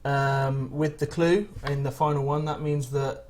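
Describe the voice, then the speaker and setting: A man's voice: on the high side, level tone, unhurried, a little mellow. A man co-hosting a game livestream in a loose, casual way. He stops and restarts his sentences often, leaning on fillers as he thinks aloud. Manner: hesitant, many fillers and restarts. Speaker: livestream co-presenter.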